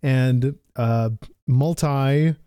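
A man's voice: mid-range voice, drawn-out words, warm tone, smooth, no echo, studio quality. A man hosting a casual podcast chat, playful, laughing often and sometimes losing his thread mid-sentence. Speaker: podcast host.

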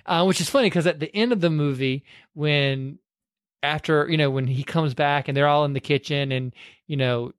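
A man's voice: fairly high pitch, normal speed, smooth, no room sound, clean studio sound. A man co-hosting a podcast, casually retelling movie scenes and acting out the lines, with many fillers. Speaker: podcast co-host. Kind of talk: casual movie recap chat.

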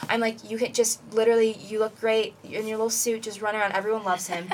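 A young adult woman co-hosting a podcast, telling a long story in a rambling, animated way with plenty of "like" and "basically". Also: fairly high pitch, fast, recorded from a distance, slight background noise. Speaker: podcast co-host. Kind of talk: casual chat, storytelling.

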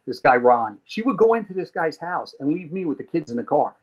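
A man from New Jersey, a podcast guest, telling a story in a lively way, swearing and acting out scenes. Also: fairly high pitch, a little fast, low-quality recording. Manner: animated, swearing, acts out scenes. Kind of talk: profane comic storytelling.

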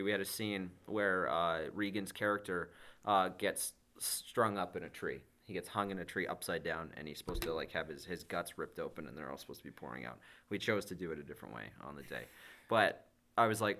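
A man on a casual podcast, telling animated anecdotes and laughing often. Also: on the low side, brisk.

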